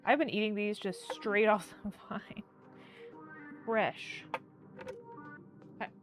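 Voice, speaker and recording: A woman hosting a casual cooking livestream, bubbly and excitable as she talks to her chat from her kitchen. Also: medium pitch, slow, faint music behind. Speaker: livestream host. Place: home kitchen.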